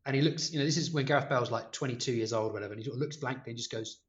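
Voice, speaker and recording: A man, a podcast guest telling lively football anecdotes in a chatty way. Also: mid-range voice. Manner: animated anecdotes, quick and chatty. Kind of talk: casual storytelling. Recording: muffled, echoey room.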